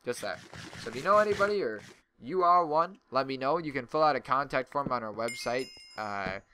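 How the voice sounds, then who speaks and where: A man's voice: mid-range voice, lively intonation, fairly quick, sharp tone, slight background noise. A young man and server owner talking casually over a gaming video, rambling and getting heated as he rants. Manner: rambling, gets heated and ranty.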